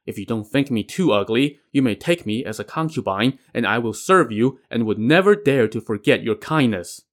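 A man's voice: medium pitch, expressive, moderate pace, a bit bright, lightly acted. A man voicing a young concubine who pleads for her life. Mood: pleading. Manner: pleading, startled.

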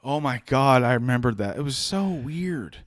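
Man, casual storytelling, lively up-and-down pitch, laughs a lot, halting restarts, makeshift home studio. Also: dry recording.

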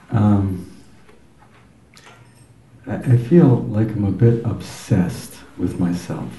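A man at a retreat speaking haltingly, searching for words with many fillers. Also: sits low, mellow, reverberant, a little hiss or hum, low-quality recording. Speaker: retreat participant.

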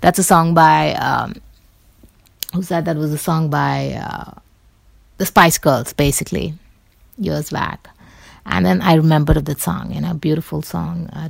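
Low, gravelly woman talking casually. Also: darkish tone, no echo. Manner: loose and chatty, many fillers, occasional swearing. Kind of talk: casual rambling monologue.

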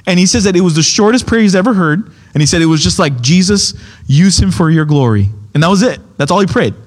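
A man's voice: high-pitched, lively intonation, fast talker. A young adult man preaching a sermon, telling a story in a casual way and acting out the voices of the people in it. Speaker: pastor.

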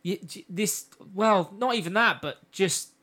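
A man's voice: sits high, unhurried, sharp tone. A man hosting a casual chat, recapping plots at length and laughing easily.

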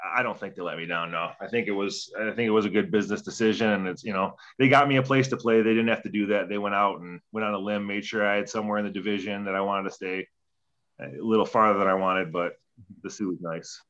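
A man's voice: lowish voice, steady tone, fast, a bit bright, highs cut off. A young man, a former hockey player, telling a story in a casual interview, profane and rambling, acting out quoted dialogue.

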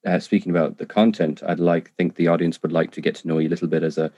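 Deep-voiced guy hosting a podcast, non-native english, lots of ums, dry sound. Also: fairly even intonation, quick pace, mellow, no echo, lo-fi sound. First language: not English. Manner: hesitant, lots of ums, enthusiastic. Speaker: podcast host. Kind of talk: casual interview talk.

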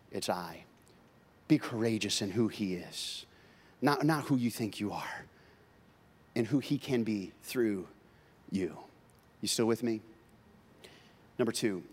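A male pastor preaching a sermon, conversational and humorous with emphatic swings from loud to soft. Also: mid-range voice.

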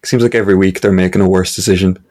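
A man's voice: deep voice, fairly even intonation, very fast, darkish tone. A young man co-hosting a podcast with his father, dry and wry, swearing casually. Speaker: podcast co-host, son. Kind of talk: casual chat.

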